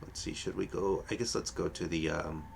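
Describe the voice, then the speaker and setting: A man casually commenting on a game he is streaming, with relaxed chuckles and self-mocking asides. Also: sits low, normal speed, creaky, music in the background. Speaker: let's play streamer.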